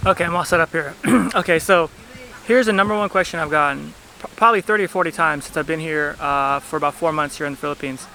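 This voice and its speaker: Fast and pushed, with a bright, fairly high voice, a man tells a travel story to camera while vlogging outdoors at the beach. His storytelling is chatty and meandering, packed with "like," and slight background noise can be heard.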